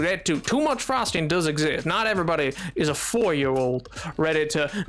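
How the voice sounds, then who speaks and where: A male streamer with a notably high voice talks loosely to his chat while playing, his sentences looping back and restarting as he goes. Quiet music plays faintly underneath him. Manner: rambling, often restarts and reads chat aloud. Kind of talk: casual live-stream chat while gaming.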